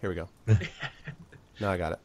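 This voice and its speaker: A man's voice: deep voice, fairly even intonation, fairly quick, a little mellow, dry recording. Man narrating a tabletop game. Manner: rambling, filler-heavy narration. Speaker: game master.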